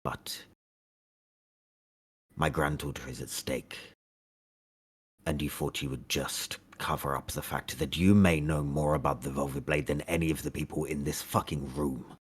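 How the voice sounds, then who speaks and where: A man's voice: extremely low pitch, steady tone, measured pace, long pauses, slightly rough, exaggerated voice. A man playing a stern older male patron with a granddaughter, speaking in a cold, reproachful, clipped way during a tabletop role-play game. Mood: angry.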